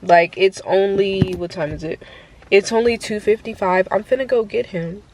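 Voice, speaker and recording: A woman's voice: mid-range voice, steady tone, normal speed, darkish tone, a little hiss or hum, low-quality recording. A young woman and mother, talking casually to her phone camera in a chatty vlog, full of "like" and "y'all". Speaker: vlogger and mother.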